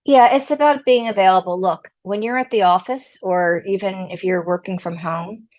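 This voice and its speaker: A woman's voice: mid-range voice, moderate pace, darkish tone. A woman guest on an interview show, giving advice to mothers in an emphatic, coaching manner. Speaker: guest parenting and PR expert.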